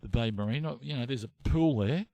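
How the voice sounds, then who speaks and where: A man's voice: mid-range voice, fairly quick, vocal fry, warm tone, no room sound. An older Australian man co-hosting a podcast, telling a rambling, self-mocking story in casual chat. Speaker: podcast co-host.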